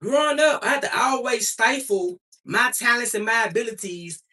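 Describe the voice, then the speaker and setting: Defiant woman streamer, bright off-mic voice. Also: a little high, lively intonation, moderate pace, distant mic. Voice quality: profane, defiant. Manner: emphatic, preachy and confrontational. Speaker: livestreamer. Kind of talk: livestream talk to chat.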